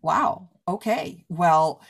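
With a lowish voice and drawn-out words, this animated middle-aged woman hosts a podcast. After reading an ad, she chats with her guest in a rambling way full of asides and fillers.

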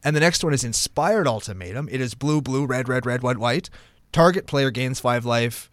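A mid-pitched man chatting on a podcast about card games. He reads rules aloud and reacts with loud, cheerful profanity. The recording is close and dry. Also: normal speed, dry recording. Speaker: podcast co-host. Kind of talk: casual card game chat.

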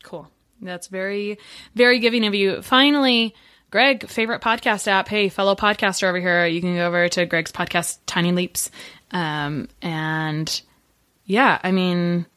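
A woman hosts a podcast interview in a chatty, playfully teasing way. Her voice sits a little low for a woman. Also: steady tone, moderate pace, fairly bright tone. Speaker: podcast host. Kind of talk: casual interview chat.

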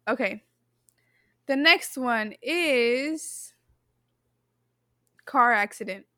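Woman, podcast co-host, casual quiz chat, giggly, high voice, dry close sound. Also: expressive, drawn-out words, bright, forceful tone, dry recording. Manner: giggly, chatty, laughs often.

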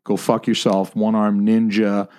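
A man's voice: fairly low pitch, level tone, unhurried, darkish tone, smooth. Profane, joking male podcast co-host. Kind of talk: casual podcast chat.

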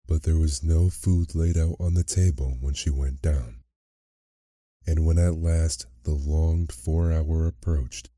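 Very deep, slow sleep-story narrator, man. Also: husky, no echo, clean studio sound. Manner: slow, soothing, soft reading.

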